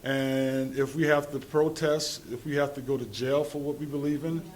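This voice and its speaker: A man's voice: medium pitch, level tone, moderate pace. A man from New Jersey speaking on a conference panel in an informal, rambling way, with restarts and chuckles. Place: conference hall.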